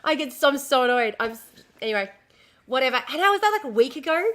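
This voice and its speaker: A woman's voice: high voice, big pitch swings, fast, fairly bright tone. A woman in a casual livestream chat, rambling and easily distracted as she shows a dress she is sewing, swearing freely. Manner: talks while showing a dress she is sewing. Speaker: streamer.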